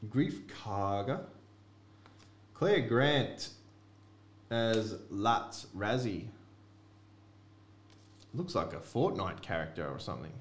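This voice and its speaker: A man with a lowish, sing-song voice hosts a card break, speaking slowly with long pauses and chatting offhandedly to viewers as he opens packs. The room is echoey with faint noise.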